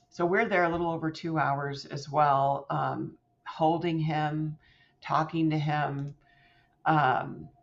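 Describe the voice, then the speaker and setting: A middle-aged woman, a podcast guest, telling a personal story in an animated way and acting out quoted voices with big jumps in pitch. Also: gravelly. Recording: slightly muffled lo-fi sound.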